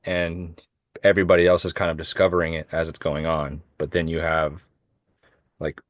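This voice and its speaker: Low-voiced man rambling about comics. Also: flat delivery, normal speed, no room sound, clean studio sound. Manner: rambling, many fillers and restarts. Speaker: podcast co-host. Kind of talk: casual chat about comics. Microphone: remote call over shaky internet.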